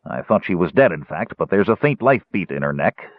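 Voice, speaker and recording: A man voicing a weary, gruff city guard captain who speaks grimly and bluntly, on a tinny narrow-band recording. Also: low-pitched, very animated, a little fast. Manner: grim and blunt.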